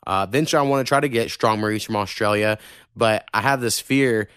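A man's voice: lowish voice, a little fast, a bit bright, clean tone, no room sound, clean studio sound. A young man from Oklahoma, hosting a podcast in loose, profane, filler-heavy chat. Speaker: podcast host. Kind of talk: casual chat.

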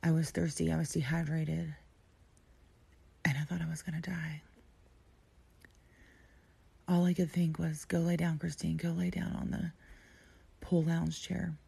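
A woman telling a personal story in an intimate way, often dropping to a breathy near-whisper. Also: low-pitched, little pitch movement, measured pace, pauses often, mellow. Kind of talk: personal story told aloud.

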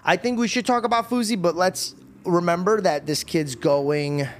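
A young man hosts a casual podcast, recounting a story with an animated delivery. He sits a little high in pitch and slips into mimicry for each person he quotes, swearing now and then as he goes. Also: normal speed. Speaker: podcast host.

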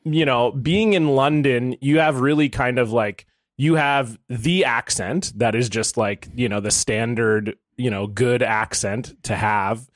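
A man's voice: mid-range voice, unhurried, no echo, studio quality. A Canadian man from Ontario co-hosting a podcast, chatting casually and rambling with fillers. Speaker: podcast co-host. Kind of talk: casual chat.

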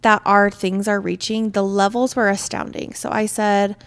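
A woman's voice: medium pitch, level tone, no room sound. A woman in her late twenties with a Utah accent, co-hosting a podcast in a casual, playful, teasing way on a headset mic. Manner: chatty, playful, quick to tease. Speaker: podcast co-host. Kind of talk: casual chat.

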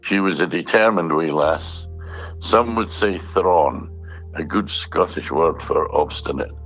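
A man reading a family letter aloud, slowly and deliberately. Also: deep voice, a bit bright, soft background music. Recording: dull lo-fi recording.

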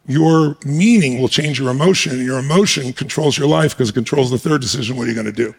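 A man telling a personal story on stage as a guest speaker, animated and emphatic, acting out the scenes. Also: medium pitch, quick pace, creaky, few pauses, husky.

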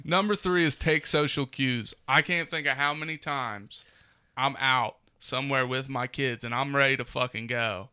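A man's voice: medium pitch, normal speed, sharp tone, clear, resonant tone. A man co-hosting a podcast, ranting profanely in a mock-angry way about raising his kids. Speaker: podcast co-host. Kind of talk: crude comedic podcast chat. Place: studio.

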